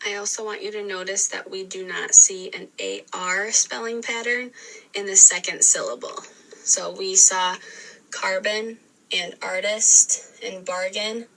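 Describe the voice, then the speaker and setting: A woman teacher giving a recorded spelling lesson, sounding words out slowly and clearly syllable by syllable. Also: mid-range voice, sharp tone. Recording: re-filmed video playback, distant sound.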